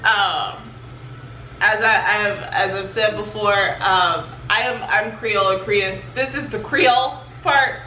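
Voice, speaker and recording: A woman's voice: medium pitch, measured pace, sharp tone. A young adult woman hosting her own channel in a chatty, loose way, with lots of filler words. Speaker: channel host. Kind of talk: casual vlog chat. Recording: roomy, distant mic, faint noise.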